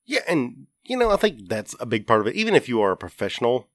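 A man's voice: medium pitch, sing-song, fast talker, fairly bright tone, no echo. A man co-hosting a podcast in casual chat, rambling and self-deprecating, often restarting his sentences. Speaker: podcast co-host.

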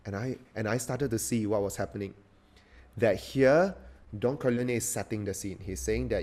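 A man telling a story in a sermon, animated and halting with many fillers. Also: on the low side.

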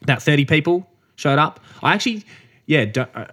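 A young adult man with an Australian accent co-hosting a casual chat, an animated storyteller who laughs often and acts out what others said. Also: on the high side, brisk. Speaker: podcast co-host.

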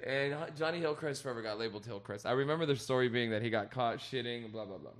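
A young man in casual chat, telling rowdy stories and swearing a lot, acting out loud quoted voices. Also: medium pitch, fast.

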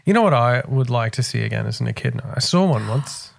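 A man's voice: medium pitch, lively intonation, quick pace, creaky. A man with an Australian accent hosting a podcast, chatting casually in a joking, playful, sweary storyteller's way. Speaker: podcast host. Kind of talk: casual chat.

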